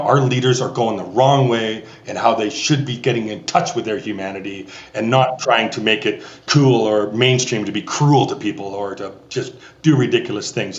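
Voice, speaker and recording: A man's voice: lowish voice, highs cut off. Roomy-sounding Canadian man telling a story. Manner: animated storyteller acting out quoted voices. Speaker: guest, theatre festival artistic director. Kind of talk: storytelling in a podcast interview.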